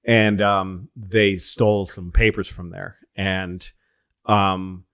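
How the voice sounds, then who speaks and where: A man's voice: low voice, slow pace, clear, resonant tone. A man in a casual chat, rambling through history stories, quoting people and swearing. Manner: rambling, animated history storytelling with quoted voices and profanity.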